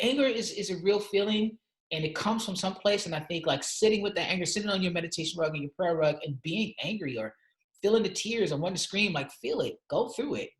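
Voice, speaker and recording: A man's voice: high-pitched, echoey room. A man speaking as a podcast guest, passionate and emphatic in casual conversation, swearing freely. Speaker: interview guest, activist.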